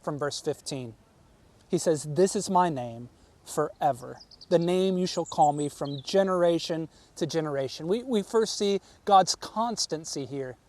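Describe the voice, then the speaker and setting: A man's voice: on the high side, lively intonation, measured pace, a little mellow. A man preaching a sermon, earnest and emphatic, often repeating words as he presses a point. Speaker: pastor.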